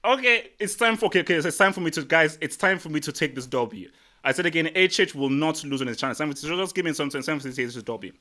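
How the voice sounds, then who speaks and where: A man's voice: fairly high pitch, lively intonation, quick pace, bright, forceful tone. A man hosting a casual live stream, competitive and joking, who often repeats himself. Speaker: channel host.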